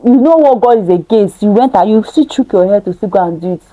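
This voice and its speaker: A woman's voice: medium pitch, expressive, fast, warm tone, rough recording. A woman reading scripture aloud and breaking off into emphatic preaching, with rhetorical questions to her listeners. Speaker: Bible study teacher.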